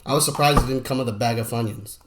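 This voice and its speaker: A man's voice: mid-range voice, quick pace, fairly bright tone. A man from Pennsylvania co-hosting a podcast in casual, profane chat, often slipping into goofy stoner impressions. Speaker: podcast co-host.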